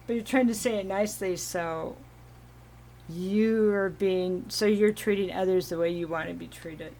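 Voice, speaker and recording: A woman giving a casual, meandering tarot reading at home, giggling now and then and clearing her throat from allergies. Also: medium pitch, a little slow, warm tone, a little hiss or hum. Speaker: tarot reader.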